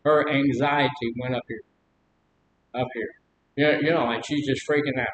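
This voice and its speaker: A man's voice: fairly even intonation, normal speed. A man leading a recovery group as counselor, talking casually, asking the group questions and telling personal stories with humor. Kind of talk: informal group talk on recovery. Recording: echoey room with faint rumble.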